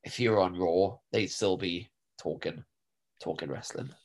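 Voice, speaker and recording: A man in his thirties from the UK, hoarse from pollen, co-hosting a podcast in jokey, rambling casual chat. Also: deep voice, normal speed, a little mellow. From United Kingdom. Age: 30s. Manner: jokey, rambling wrestling fan. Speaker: podcast co-host.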